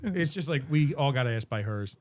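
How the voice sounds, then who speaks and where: A man's voice: mid-range voice, normal speed, a little hiss or hum. A man with a Philadelphia accent, a podcast guest chatting casually in a studio and acting out the people in his stories. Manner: animated storyteller, acts out quotes. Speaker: podcast guest, social media creator.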